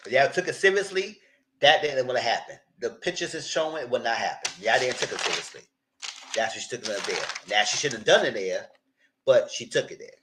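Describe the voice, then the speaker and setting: A man's voice: mid-range voice, a little fast, noisy background. Outspoken man ranting a TV recap. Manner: animated, outspoken, heavy slang. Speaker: reality TV commentator. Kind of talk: live recap chat.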